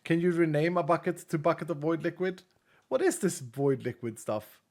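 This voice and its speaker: A man's voice: a little high, normal speed, a little mellow. A man streaming a game, chatting casually with his viewers, reading their messages aloud and laughing often, speaking English with a non-native accent. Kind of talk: casual live-stream chat.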